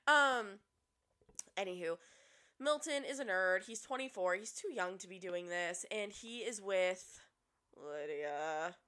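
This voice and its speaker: A young woman co-hosting a podcast, recapping reality TV in a gossipy, animated way and swearing freely. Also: on the low side, measured pace. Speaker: podcast co-host. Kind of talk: casual reality-TV recap chat.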